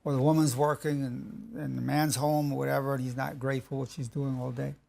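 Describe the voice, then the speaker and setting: A man giving a spoken lecture on marriage, emphatic and slow on key phrases, repeating them, with halting restarts mid-sentence. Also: medium pitch, flat delivery, gravelly, warm tone.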